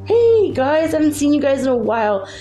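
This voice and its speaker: A woman voicing a group of excited, gentle aliens in a high, gushing way. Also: brisk, faint music behind.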